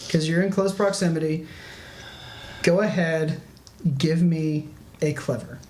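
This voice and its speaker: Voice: medium pitch, fairly even intonation, unhurried, darkish tone. Casual, meandering game master narration; roomy room echo, faint noise underneath. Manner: loose, rambling narration with frequent restarts and "like".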